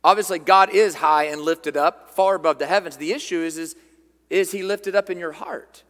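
A man's voice: high-pitched, fairly even intonation, moderate pace, a bit bright. A man preaching a sermon as pastor, reading scripture aloud and repeating key phrases with emphasis. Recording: long hall reverb.

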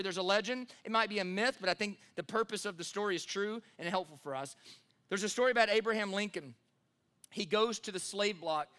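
A man preaching a sermon to a church congregation, emphatic, repeating key phrases and building to loud exhortation. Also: high voice. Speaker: pastor.

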